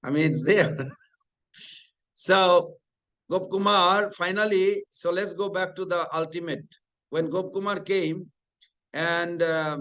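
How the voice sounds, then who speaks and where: A man's voice: a little high, a bit bright, low-quality recording. A man leading a scripture class, telling a devotional story and acting out its dialogue.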